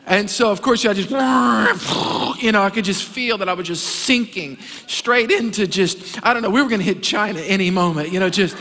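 A man's voice: high voice, moderate pace, in a large hall. A man, a pastor preaching a sermon and telling stories with comic asides. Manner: animated storytelling with comic asides. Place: church sanctuary.

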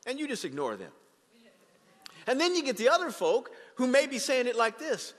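A man preaching a sermon as pastor of his church, animated and acting out the voices of the people he quotes. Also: very high voice, moderate pace, in a large hall. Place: church sanctuary.

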